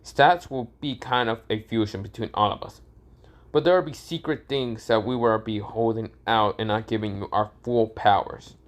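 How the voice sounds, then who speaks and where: A man voicing a calm, weary young man who explains things matter-of-factly. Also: lowish voice, moderate pace, natural voice. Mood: explaining.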